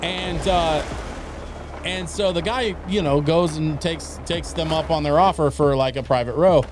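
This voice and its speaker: A man's voice: fairly high pitch, a little slow, background noise. A man streaming a game, telling a long casual story in a rambling way, full of fillers and restarts. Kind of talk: casual storytelling while gaming.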